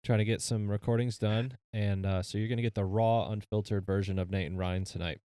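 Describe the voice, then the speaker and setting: A man's voice: fairly low pitch, steady tone, a little fast, dark tone, clean tone, no echo, clean studio sound. A man co-hosting a podcast, tired late at night, talking in a laid-back, rambling way and laughing often. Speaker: podcast co-host. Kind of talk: casual chat. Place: shop.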